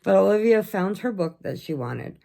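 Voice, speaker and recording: A woman's voice: mid-range voice, animated, moderate pace, gravelly, mellow. A middle-aged woman chatting casually in a vlog, telling stories, laughing often and acting out what people said. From United States. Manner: chatty storyteller, laughs often, acts out quotes. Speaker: vlogger. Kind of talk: casual chat.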